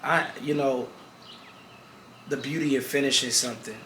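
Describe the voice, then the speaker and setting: A man's voice: mid-range voice, fairly even intonation, moderate pace, noisy background. Earnest man in an echoey room. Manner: earnest, openly emotional. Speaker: musician and co-host. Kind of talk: casual chat.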